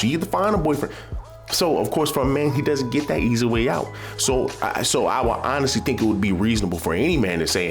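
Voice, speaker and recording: A man giving argumentative opinion commentary, posing rhetorical questions. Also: medium pitch. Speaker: commentary host.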